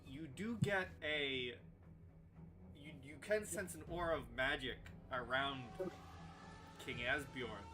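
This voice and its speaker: A man narrating as game master in a tabletop game, descriptive and measured with frequent fillers. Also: mid-range voice.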